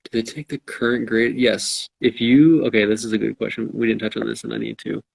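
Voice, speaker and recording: Man, low voice, heavy vocal fry, husky, flat delivery, casual chat, dry sound. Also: a little fast, dry recording, poor audio. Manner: laid-back, self-deprecating. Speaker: co-host answering viewer questions. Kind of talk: casual live-stream chat.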